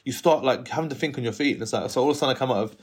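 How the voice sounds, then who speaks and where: A man's voice: medium pitch, rapid-fire, husky. A man in his thirties telling a story in casual conversation, acting out other people's voices and laughing often.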